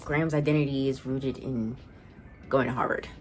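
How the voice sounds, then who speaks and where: Low-pitched young woman, sassy casual reviewer, faint hum behind her. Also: normal speed. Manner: chatty, animated, sassy asides. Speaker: video reviewer.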